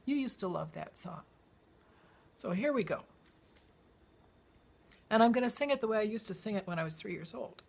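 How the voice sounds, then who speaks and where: Reading her own memoir aloud, a woman tells a lively story, acting out the voices of the people in it and sometimes breaking into song. Her mid-range voice is gravelly and slightly rough, at normal speed with frequent pauses.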